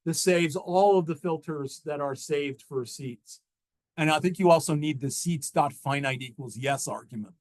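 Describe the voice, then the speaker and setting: A man's voice: a little high, poor audio. A man giving a technical seminar presentation, walking through slides with frequent restarts and fillers.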